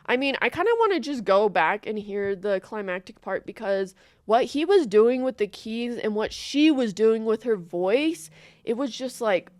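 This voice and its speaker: A woman's voice: fairly high pitch, lively intonation, moderate pace, a little mellow, dry recording, clean studio sound. A young American woman giving casual, emotional reaction commentary as a streamer. She rambles and says "like" constantly. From United States. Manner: emotional, rambling, heavy use of "like".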